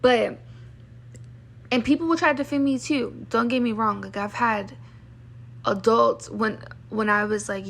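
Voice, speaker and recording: A woman's voice: mid-range voice, vocal fry, a bit bright, a little hiss or hum. A woman hosting a podcast, venting frankly and emphatically while telling her own story. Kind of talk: candid personal storytelling.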